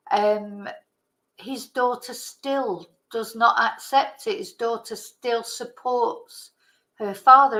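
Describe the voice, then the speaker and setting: A woman talks through a news case on her channel and reads articles aloud. She speaks slowly and hesitantly and trips over hard names. Her voice sits a little high. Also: a bit bright, poor audio. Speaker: channel host. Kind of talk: casual commentary, reading articles aloud.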